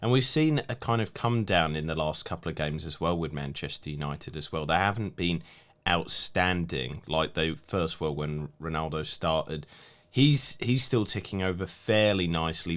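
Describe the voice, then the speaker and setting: Low-voiced man hosting a casual stream. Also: normal speed. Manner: relaxed, chatty, laughs easily. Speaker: stream host reading viewer questions. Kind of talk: casual live-stream chat. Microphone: video call.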